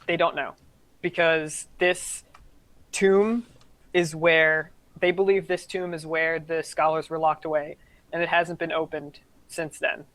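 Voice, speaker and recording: A man narrates a tabletop game as game master in a flat, level voice. He rambles and hedges, piling up fillers as he goes. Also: fairly high pitch, a little slow, no room sound.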